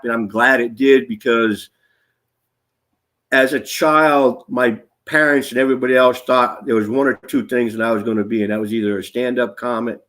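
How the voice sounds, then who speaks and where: Fifties male actor guest, animated raconteur, quotes in voices, salty language. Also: medium pitch. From Nashville area. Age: 50s. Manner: animated storyteller, acts out quotes, swears freely. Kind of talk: casual storytelling interview.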